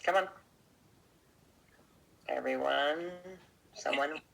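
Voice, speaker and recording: Bright-voiced teacher prodding a class. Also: medium pitch, extremely slow, gravelly, low-quality recording. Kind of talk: online class instruction.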